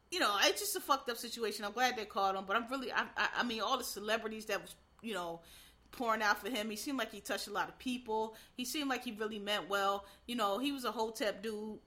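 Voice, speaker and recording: A woman's voice: a little high, bright, forceful tone. A woman from Philadelphia, ranting in a blunt, profane, heated way in casual commentary.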